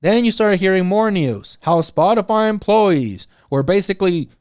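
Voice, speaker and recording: A man's voice: sits high, lively intonation, normal speed, a little mellow, clear, resonant tone, no echo. A man hosting his own podcast, talking through his opinions in casual solo commentary, rambling, with many "you know"s and "right?"s. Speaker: podcast host.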